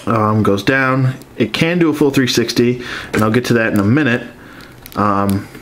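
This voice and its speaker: A man's voice: medium pitch, moderate pace, a bit bright. A stuffed-up man reviewing an action figure in an easygoing, conversational way. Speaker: toy collector reviewer. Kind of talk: casual toy review.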